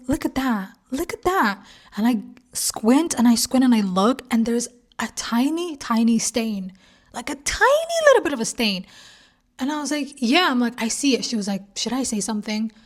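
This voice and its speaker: Young woman vlogger, slightly high voice, animated storyteller who acts out quotes. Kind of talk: casual storytime.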